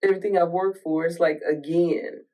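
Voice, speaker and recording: A man's voice: a little high, fairly even intonation, fairly quick, dark tone, far from the mic. A man co-hosting a podcast, chiming in with short, sympathetic remarks and follow-up questions. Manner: brief interjections and empathetic follow-ups. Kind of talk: casual conversation.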